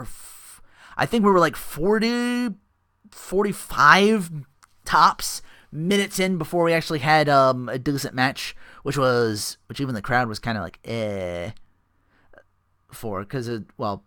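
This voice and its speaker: A man's voice: on the high side, pushed and bright, smooth, no room sound, studio quality. A man hosting a casual wrestling recap podcast into a home microphone, rambling and profane, laughing often. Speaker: podcast host.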